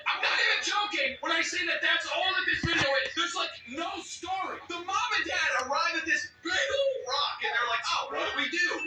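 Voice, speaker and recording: High-voiced young man ranting in echoey room. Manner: incredulous, sarcastic, rambling, exclaiming. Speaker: reaction video creator. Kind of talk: casual reaction commentary. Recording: echoey room, far from mic, audible noise.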